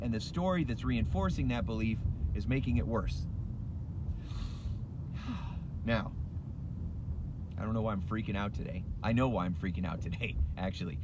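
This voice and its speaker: A man's voice: medium pitch, background noise. A middle-aged man, a life coach and hypnotist, giving a passionate, emphatic motivational rant from his car, hammering his points with repetition. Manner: passionate, emphatic, repeats key phrases. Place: in a car at a red light.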